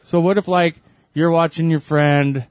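A man in casual chat, eager and rambling, quick to agree. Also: on the high side, steady tone, dry recording.

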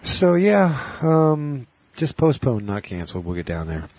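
A man's voice: on the high side, sing-song, takes it slowly, darkish tone, slightly rough, dry recording. A man hosting a casual podcast chat, rambling through a story and swearing freely. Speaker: podcast host.

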